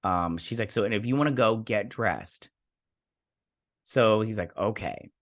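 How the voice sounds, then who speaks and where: A man's voice: fairly low pitch, measured pace, fairly bright tone. A young man hosting a show, casually retelling a TV episode in a rambling way, quoting characters as he goes. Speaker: show host.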